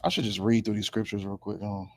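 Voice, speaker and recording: A man's voice: lowish voice, flat delivery. Man teaching a casual Bible class. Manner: slow, deliberate scripture reading; loose, colloquial preaching with repeated asides.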